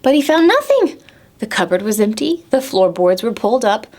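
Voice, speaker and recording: A woman's voice: on the high side, sing-song, moderate pace, a little mellow. A young woman who is a children's librarian, reading a picture book aloud at a preschool storytime and asking the children encouraging questions.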